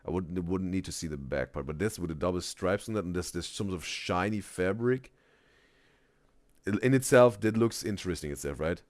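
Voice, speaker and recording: A man doing casual live reaction commentary, halting with many restarts, often tagging "right?" and "bro" and laughing loudly. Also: low-pitched, lively intonation, dry recording. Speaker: reaction streamer.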